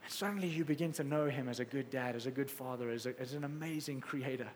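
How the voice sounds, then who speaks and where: A man preaching a sermon with passion, swinging between loud exclamations and quiet, soft stretches. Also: medium pitch, fast, big-room sound, a little hiss or hum. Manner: passionate, rising to exclamations then dropping soft.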